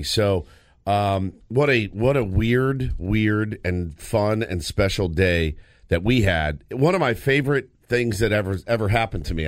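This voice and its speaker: A man co-hosting a sports radio show, telling a story in a lively, casual way with frequent restarts, in a studio. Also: fairly low pitch, dry recording. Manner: animated storyteller, lots of restarts.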